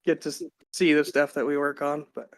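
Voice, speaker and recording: A man who organizes racing events, chatting in a relaxed way on a live stream and laughing easily. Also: fairly high pitch, fairly quick. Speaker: racing series organizer, guest. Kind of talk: casual live-stream chat.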